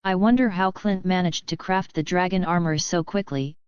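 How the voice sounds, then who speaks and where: A woman's voice: fairly low pitch, steady tone, moderate pace, clean tone, dry recording, close to an everyday voice. A woman voicing a brash, theatrical young man who declaims grandly. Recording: dull lo-fi audiobook audio.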